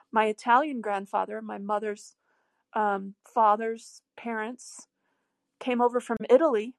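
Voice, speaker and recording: A woman's voice: on the high side, vocal fry, no room sound. A middle-aged woman hosting a devotional talk show, telling a family story earnestly into her phone. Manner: earnest storytelling, slow and emphatic in places. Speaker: host. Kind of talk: devotional talk show on a live audio app.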